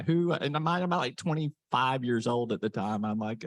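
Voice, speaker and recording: A man's voice: mid-range voice, normal speed, hardly any pauses, no room sound. A man moderating a panel, telling a story in a folksy, casual way with many fillers. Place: meeting room.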